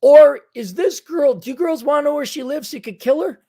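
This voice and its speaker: A man's voice: very high-pitched, brisk, vocal fry, mellow. A man hosting a solo commentary monologue, lecturing in a sarcastic, mocking way. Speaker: commentary channel host.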